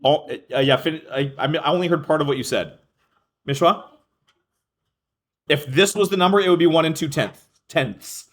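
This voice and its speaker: A man's voice: a little high, normal speed, long pauses, fairly bright tone. A male math teacher explaining a lesson to a class, thinking aloud, correcting himself and calling on students by name.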